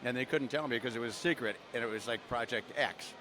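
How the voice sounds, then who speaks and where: A man's voice: mid-range voice, quick pace, background noise. An older man from Canada tells long stories in a casual, meandering way, circling back with fillers and half-finished sentences. His voice sits in an ordinary middle register. He is recorded outdoors amid a convention crowd. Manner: rambling anecdotes with many fillers and restarts. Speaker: voice actor guest. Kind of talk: casual storytelling interview.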